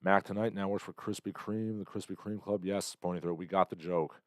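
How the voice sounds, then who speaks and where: A man's voice: deep voice, fairly even intonation, fairly quick, no echo, studio quality. A young man hosting a casual livestream, rambling sardonically through chat comments. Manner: rambling, sardonic, bursts into loud impressions. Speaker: livestream host.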